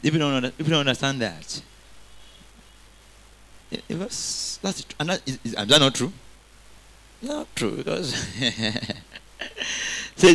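A man's voice: medium pitch, expressive, unhurried, pauses often, fairly bright tone. A man preaching a sermon, quoting scripture and getting the congregation to repeat lines after him.

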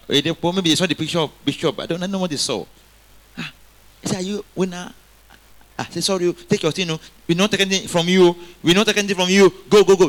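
A male pastor preaching a sermon, calling on the congregation to repeat after him and swinging between loud exhortation and quiet asides. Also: high-pitched. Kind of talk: sermon with call-and-response.

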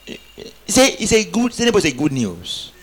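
A man's voice: sits high, wildly swooping pitch, normal speed, breathy edge. A man preaching a sermon, calling on the congregation to answer back and rising into emphatic exclamations. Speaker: pastor.

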